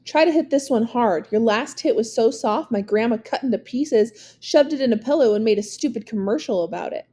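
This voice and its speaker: A woman voicing a cocky young boy pitcher who trades playful trash talk, in a storybook read-aloud. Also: brisk, few pauses, mellow, lightly acted. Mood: teasing. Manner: teasing.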